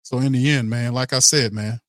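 Host type: male sports podcaster, profane heated rant, medium pitch, dry close sound. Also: steady tone, normal speed, a bit bright, no room sound. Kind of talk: casual sports commentary rant.

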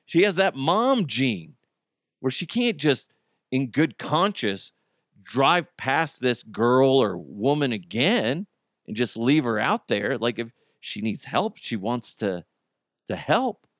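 A man's voice: medium pitch, sing-song, slow, a bit bright, no echo, clean studio sound. A man hosting a podcast, telling a story in a loose, conversational way with fillers and restarts. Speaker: podcast host. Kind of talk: casual storytelling.

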